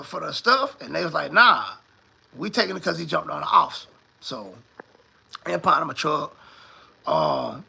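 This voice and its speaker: A man, telling a story in a casual, animated and profane way and acting out the other people in it. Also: on the high side, gravelly, slightly rough.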